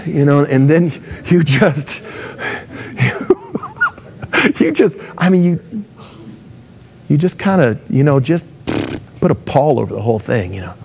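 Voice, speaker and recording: A man's voice: a little high, wildly swooping pitch, slow pace, long pauses, darkish tone, slight background noise. A man preaching a sermon in a casual, conversational way, acting out the voices of the people he quotes. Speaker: pastor.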